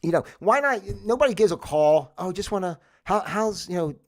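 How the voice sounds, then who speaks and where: A man with a slightly high-pitched voice talks off the cuff on a livestream. He rambles and circles back with plenty of fillers, then gets heated and laughs at the absurdity. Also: animated, normal speed. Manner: rambling and conversational, getting worked up and exasperated; laughs between points, frequent fillers. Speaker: livestream host. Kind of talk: casual monologue. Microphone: livestream microphone.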